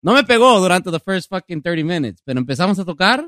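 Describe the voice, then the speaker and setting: Host type: animated high-voiced man, mixes English and Spanish, dry close mic. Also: racing, no echo. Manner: switches between English and Spanish mid-sentence, laughs a lot. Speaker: podcast host. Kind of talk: casual storytelling chat.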